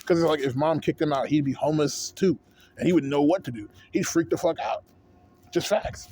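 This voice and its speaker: A man's voice: on the high side, brisk, dark tone, husky. A man in his thirties venting in a rambling, profane, heated rant to camera as a vlogger. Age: 30s.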